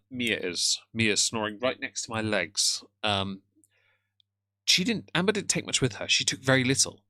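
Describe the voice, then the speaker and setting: Chatty, bright-voiced male streamer. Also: medium pitch, dry recording, clean studio sound. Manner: rambling, chatty, greets chat, stammers at times. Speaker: live streamer. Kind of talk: casual live-stream commentary.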